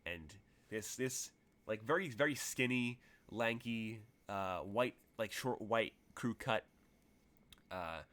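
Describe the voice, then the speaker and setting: A man's voice: fairly low pitch, expressive, slow, a bit bright. A man narrating as game master in a tabletop role-playing game, rambling through vivid, detailed scene descriptions.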